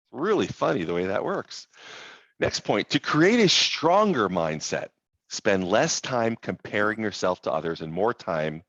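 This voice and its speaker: A man hosting a group coaching call, talking in an animated, motivational way over video call. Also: medium pitch, dry recording, lo-fi sound. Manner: animated, motivational, quotes inner voices.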